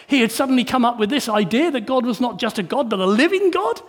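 A man preaching a sermon in church, asking the congregation rhetorical tag questions and shifting between hushed and emphatic delivery. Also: extremely high pitch, lively intonation, a little fast, few pauses.

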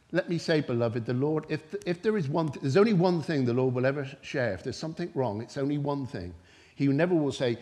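A man preaching a sermon without notes, retelling scripture in his own words and swinging between loud emphatic bursts and soft quiet passages. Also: mid-range voice, animated, normal speed. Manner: impassioned, rising to loud emphatic bursts then dropping soft.

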